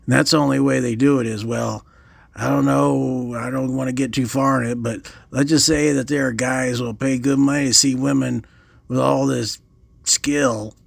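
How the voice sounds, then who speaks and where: Gravelly man in a deadpan comic monologue. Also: mid-range voice, normal speed, dry recording. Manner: rambling, earnest, self-serious. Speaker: comic doctor character.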